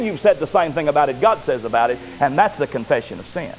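A man preaching a sermon with emphatic delivery, rising to loud exclamations and dropping to low asides. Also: lively intonation, fairly quick, few pauses. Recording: tinny phone-like sound with faint noise.

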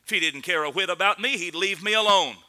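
A man preaching a sermon with earnest conviction, rising to loud emphatic passages and dropping to low, quiet stretches. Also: fast.

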